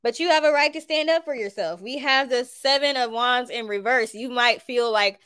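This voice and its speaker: A woman's voice: fairly high pitch, normal speed, fairly bright tone, clear, resonant tone, no echo. A woman with a Southern US accent giving a tarot reading to viewers, talking emphatically and repeating her points. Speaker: tarot reader.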